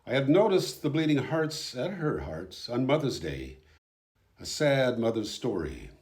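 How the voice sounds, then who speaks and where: A man narrating his own documentary in a voice-over, calm, reflective and somber. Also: mid-range voice, measured pace.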